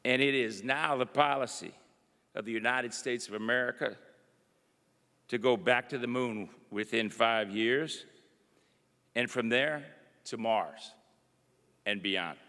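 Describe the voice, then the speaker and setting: Middle-aged male official, gravelly, folksy anecdotal speaker, long hall reverb. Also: mid-range voice, slow, pauses often, sharp tone. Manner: folksy, chatty storytelling with frequent "you know" and "uh". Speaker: government undersecretary giving remarks. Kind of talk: public speech with anecdotes. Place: university event hall.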